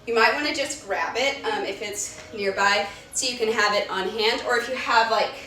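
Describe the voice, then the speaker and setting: A woman's voice: a little high, moderate pace. Breathless woman coaching yoga, far-off echo. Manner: calm coaching cues, counts down. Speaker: yoga instructor. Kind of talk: live-streamed workout instruction. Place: home room. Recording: echoey room, far from mic, music behind.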